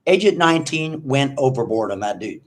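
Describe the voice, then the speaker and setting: A middle-aged man ranting in a commentary vlog, animated and mocking. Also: medium pitch, a little fast. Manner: animated, mocking, mimics others in exaggerated voices. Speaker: online video commentator.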